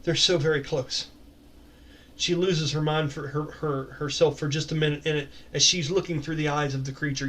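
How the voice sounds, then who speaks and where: A man narrating as game master of a tabletop game, descriptive and relaxed, with casual swearing. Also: on the high side.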